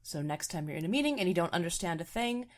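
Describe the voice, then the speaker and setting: A woman's voice: fairly low pitch, animated, fast. A woman co-hosting a travel podcast, chatting casually in a dry, self-deprecating way. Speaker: podcast co-host. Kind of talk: casual chat.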